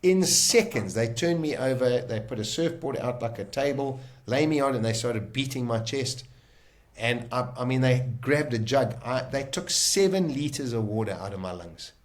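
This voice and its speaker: A South African man with a mid-range voice tells his story emphatically, as a podcast guest. He leans hard into the key moments and often restarts a sentence mid-thought. It is lively, first-person storytelling. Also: mid-range voice. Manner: vivid, emphatic retelling with quick restarts.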